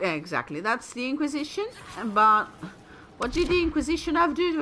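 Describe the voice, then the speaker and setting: A woman casually commentating her game stream, chatty and excitable, sounding tired. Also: mid-range voice, unhurried, slight background noise. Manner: chatty, excitable, swears and laughs. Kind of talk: casual let's-play commentary.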